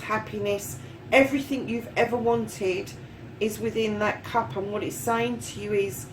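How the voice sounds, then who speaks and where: A woman's voice: a little high, distant mic, slight background noise, poor audio. A woman giving a casual, encouraging tarot reading, chatty and swearing freely as she talks. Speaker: tarot reader.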